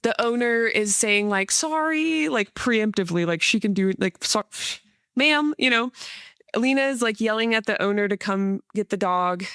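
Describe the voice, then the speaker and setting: A podcast host tells a story during a casual interview chat, rambling and relaxed with lots of fillers. Her mid-range voice is fairly bright, clear and resonant at normal speed, in a clean studio recording with no room sound.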